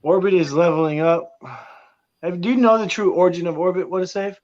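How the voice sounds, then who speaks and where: A man's voice: high-pitched, brisk, darkish tone. Man joking in lo-fi casual chat. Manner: joking, teasing banter. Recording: dull lo-fi sound.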